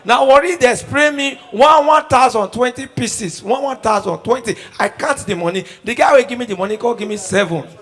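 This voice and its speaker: A man's voice: very high-pitched, moderate pace, hardly any pauses, breathy edge. A young Nigerian man doing stand-up, telling stories in Pidgin at a live show. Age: young adult. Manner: storytelling in Nigerian Pidgin, animated. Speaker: stand-up comedian. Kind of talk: stand-up comedy routine. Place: live comedy show venue.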